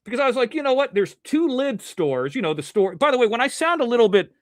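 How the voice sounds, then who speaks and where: A man's voice: very high-pitched, sing-song, fast talker, no room sound, clean studio sound. A man hosting his own livestream news show, rambling and combative, calling out critics directly, his voice a little muffled by a face mask. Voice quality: slightly muffled from wearing a mask. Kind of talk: casual livestream commentary.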